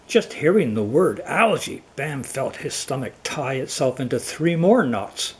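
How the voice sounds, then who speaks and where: A man telling a children's animal folktale in a slow, expressive storytelling manner. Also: mid-range voice, husky.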